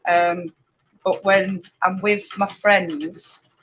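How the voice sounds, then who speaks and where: A woman with a Yorkshire accent chatting casually and rambling on a live stream, talking loudly over her spinning wheel and laughing often. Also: fairly low pitch, fairly even intonation, drawn-out words, poor audio. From Yorkshire, England. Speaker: spinning channel host.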